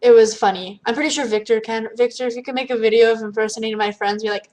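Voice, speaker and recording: High-voiced young woman telling a story. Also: quick pace, poor audio. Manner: animated, bursts into loud shrieks when quoting. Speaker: vlogger. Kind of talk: casual storytelling to camera.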